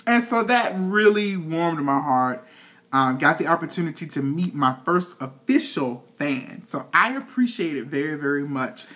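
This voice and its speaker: A woman's voice: low voice, very animated, normal speed, fairly bright tone. A woman reviewing a TV episode in a sassy, gossipy vlog, swearing freely and calling the viewer honey. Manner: sassy, dishy, swears a lot, calls the viewer "child" and "honey". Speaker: TV show reviewer. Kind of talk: casual gossipy recap vlog.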